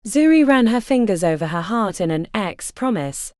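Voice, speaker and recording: A woman reading a fantasy audiobook as its narrator, in an expressive storytelling manner. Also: mid-range voice, moderate pace, dry recording, studio quality. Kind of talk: scripted narration.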